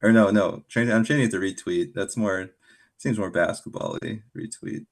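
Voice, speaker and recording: A man's voice: lowish voice, creaky. A man appearing as a guest on a stream chat, thinking aloud with many ums. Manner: slow, hesitant, with many ums. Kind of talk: casual group chat on a stream.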